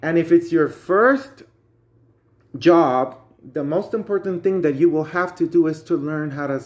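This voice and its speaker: A man's voice: a little high, a little slow. A man with a Guatemalan Spanish accent, a native Spanish speaker, teaching English as a chatty teacher who keeps addressing viewers as guys. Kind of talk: casual spoken English lesson.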